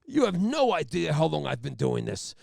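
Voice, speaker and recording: A pompous state trooper, stern and self-important, lectures slowly and loudly with heavy dramatic pauses, as a man puts him on in a podcast story. The voice sits a little higher than his usual talk and has a gravelly edge. It is recorded dry and close. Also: sing-song, no room sound, exaggerated voice.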